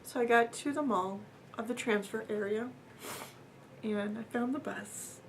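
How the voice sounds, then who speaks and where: Slight background noise accompanies a woman with a fairly high pitch as she earnestly recounts something personal. Her telling is casual and halting, with fillers, repetitions and moments where her voice sinks to a near whisper.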